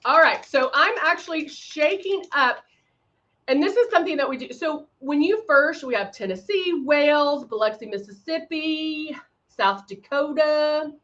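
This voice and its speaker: A woman hosting a live makeup tutorial, chatting casually with viewers and filling pauses with frequent ums. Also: high-pitched, lively intonation, a bit bright, highs cut off. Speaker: makeup livestream host.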